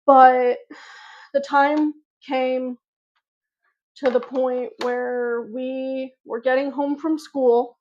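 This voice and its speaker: A woman's voice: high voice, little pitch movement, extremely slow, darkish tone, muffled recording. A woman vlogger telling a personal story to her viewers in a casual, rambling way, full of fillers and restarts.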